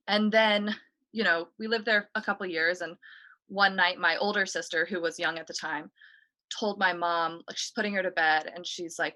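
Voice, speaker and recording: A woman's voice: on the low side, fairly quick, pushed and bright. A woman, a guest on a talk show, casually recounting a story in a chatty way, full of "like" and "you know". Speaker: guest telling a ghost story.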